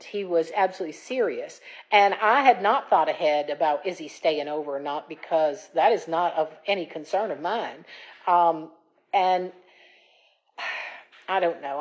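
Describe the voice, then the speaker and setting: A woman in her fifties, candidly retelling a date in a chatty, animated vlog story. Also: deep voice, low-quality recording. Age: 50s. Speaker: dating vlogger. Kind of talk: casual storytelling.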